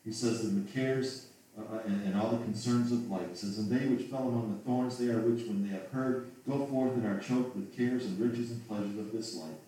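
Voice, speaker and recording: A man's voice: lowish voice, steady tone, brisk, mellow. A man preaching a sermon, reading scripture aloud and asking pleading rhetorical questions. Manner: reads King James scripture aloud, then asks pleading rhetorical questions. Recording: roomy echo from a distant mic.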